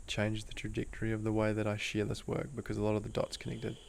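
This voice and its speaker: This guest, an Australian breathwork teacher, recounts a personal story in an easygoing, heartfelt way, loaded with casual slang and "bro" aimed at the host, sometimes dropping to soft, hushed tones as emotion takes over. His fairly low, gravelly voice is monotone and fast, with slight background noise.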